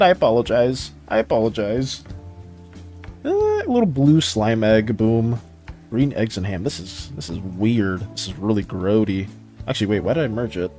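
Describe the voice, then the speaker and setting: A man streaming while drawing, chatting casually with his audience in a dramatic, playful way and laughing often. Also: fairly high pitch. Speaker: art streamer. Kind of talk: casual live-stream chat.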